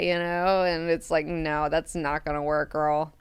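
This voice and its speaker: A woman hosting a book club, recapping chapters in a chatty, animated way with frequent filler words. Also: low voice, a little slow, smooth, no room sound.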